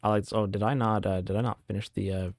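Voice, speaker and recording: A man's voice: lowish voice, steady tone, quick pace, a little mellow, no room sound. Chatty male reaction host, dry close sound, rambles and restarts. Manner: rambling, stops and restarts often, reads comments aloud. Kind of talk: casual reaction commentary.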